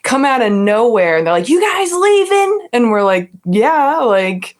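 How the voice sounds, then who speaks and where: A young woman from New England, a podcast guest, telling a story in a chatty, animated way with lots of "like". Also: mid-range voice, measured pace. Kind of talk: casual storytelling.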